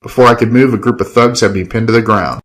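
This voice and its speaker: A man with a fairly low voice reads a gritty first-person story aloud. His telling is hard-boiled and wry, with plenty of swearing. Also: fast, a bit bright, rough recording. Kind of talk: first-person scripted narration.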